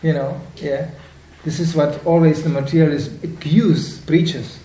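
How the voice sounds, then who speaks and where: Animated older man lecturing in an echoey room. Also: a little high, a little slow. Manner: animated storytelling, acting out voices in quotes. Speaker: spiritual teacher.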